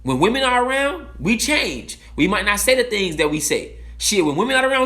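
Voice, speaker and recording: A blunt, profane man speaking in a fairly high, bright voice that rises and falls with wide, lively swings. He drives his points home with emphasis, then drops into slower, lower asides. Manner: swings from loud outbursts to low, slow asides. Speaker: speaker giving a timed talk. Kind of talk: impassioned monologue.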